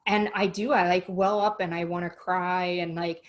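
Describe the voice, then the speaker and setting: A woman's voice: on the low side, steady tone, moderate pace. A woman hosting a podcast in casual chat, earnest and rambling, easily moved. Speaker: podcast host.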